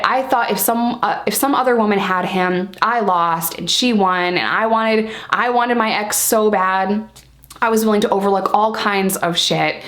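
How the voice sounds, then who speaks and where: A woman in mid-range pitch tells a storytime straight to camera. Her talk is blunt and candid, full of casual swearing and asides to "you guys." She pushes her pace up and down to land the story. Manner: lively, speeds up and slows down for emphasis. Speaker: storytime vlogger.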